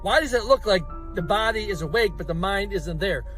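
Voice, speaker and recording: A man's voice: high voice, animated, fairly quick, fairly bright tone, faint music behind. A man doing conspiracy commentary, insistent and challenging the listener.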